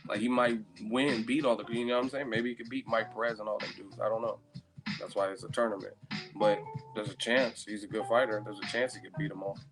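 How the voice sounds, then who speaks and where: A man hosting a live-stream chat, rambling and profane as he riffs on viewer comments. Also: medium pitch. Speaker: host.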